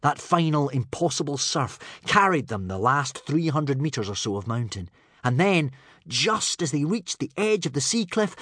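A man narrating a children's adventure audiobook dramatically, hushing for suspense. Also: fairly high pitch, lively intonation, moderate pace, no echo, studio quality. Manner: dramatic, dropping to a hush for suspense.

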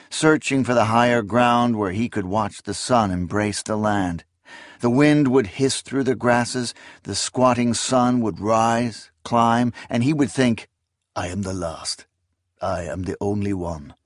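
A man giving grave, measured scripted fantasy narration. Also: lowish voice, dry recording, clean studio sound. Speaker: audiobook narrator.

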